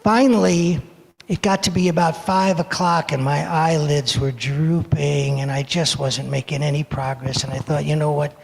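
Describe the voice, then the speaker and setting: A man in his seventies from the United States telling a story for all ages in a service, animated and playful as he acts out the moments. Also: fairly high pitch, normal speed, creaky. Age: 70s. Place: sanctuary. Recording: echoey hall reverb.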